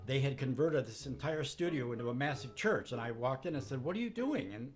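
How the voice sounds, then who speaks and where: A man's voice: medium pitch, a little fast. A man wryly recounting his own odd past in an interview. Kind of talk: casual anecdotal storytelling. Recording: clear music behind.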